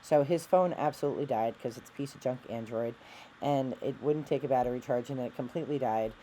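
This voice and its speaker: A middle-aged woman talks straight to her viewers in a rambling, self-deprecating way, stopping and restarting her sentences and packing in fillers. Her voice is mellow and soft-edged, and a faint noise sits behind her. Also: rumbling low, a little fast, poor audio. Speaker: vlogger. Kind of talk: candid personal vlog.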